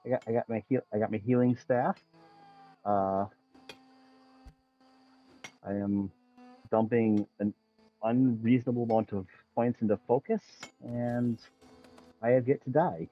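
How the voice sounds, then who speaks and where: A man in casual gaming chat, speaking haltingly with restarts and pauses. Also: mid-range voice, fairly even intonation. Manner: halting, hesitant. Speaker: gamer in a voice chat. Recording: tinny phone-like line.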